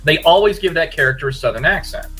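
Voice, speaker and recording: Storytelling co-host, mid pitch, lively range, faint music behind. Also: fast. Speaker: podcast co-host. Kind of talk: casual group chat.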